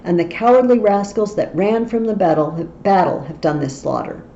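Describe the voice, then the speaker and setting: A woman's voice: mid-range voice, expressive, normal speed, creaky, dark tone. A woman reading a plain-spoken army officer. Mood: matter-of-fact. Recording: dull, faintly noisy recording.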